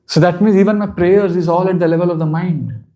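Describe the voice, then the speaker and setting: High-pitched yet mellow, this man's voice stays steady at a fairly quick pace. As a spiritual teacher leading a devotional seminar, he talks earnestly, repeats phrases to drive points home, and frequently laughs.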